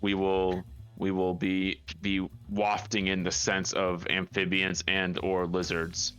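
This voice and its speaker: Low-voiced man playing a tabletop game. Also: monotone, slow pace, fairly bright tone, clear, resonant tone, soft background music. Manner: earnest step-by-step, dryly joking. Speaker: player.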